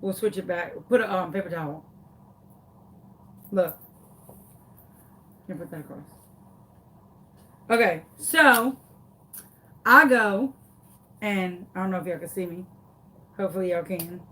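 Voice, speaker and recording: A woman, hosting a craft tutorial and telling a story to her viewers in a dramatic, animated, casual way. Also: lowish voice, unhurried, long pauses, a little hiss or hum.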